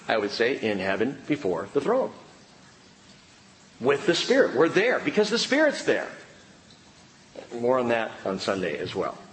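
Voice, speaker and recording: Animated preaching man in a hall. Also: medium pitch. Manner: animated preaching, swinging from loud bursts to hushed lines. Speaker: pastor. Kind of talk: sermon. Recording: reverberant hall with faint room noise.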